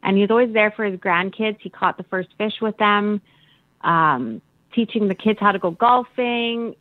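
A woman's voice: medium pitch, moderate pace, no room sound. Candid woman, choked up, on a tinny line. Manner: animated, candid, laughing often. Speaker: daughter. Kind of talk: emotional interview. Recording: dry phone-like line.

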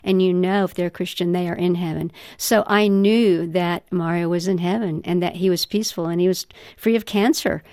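A woman's voice: lowish voice, steady tone, normal speed, few pauses, darkish tone, dry recording. An older woman speaks earnestly and from the heart as a guest in an interview. The recording is close and dry, with no room sound. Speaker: guest author. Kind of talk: candid interview storytelling.

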